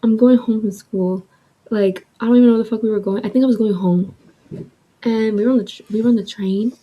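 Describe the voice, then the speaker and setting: Husky young woman telling a storytime. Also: on the high side, fairly quick, dull audio. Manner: chatty, heavy use of "like", swearing, animated retelling. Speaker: vlogger. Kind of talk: casual storytime with soft ASMR eating.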